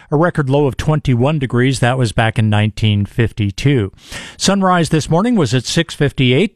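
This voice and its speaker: A man hosting a morning radio show, reading temperatures and readings in a steady, matter-of-fact way. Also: medium pitch, dry recording, clean studio sound. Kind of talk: radio weather and temperature rundown. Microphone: studio microphone.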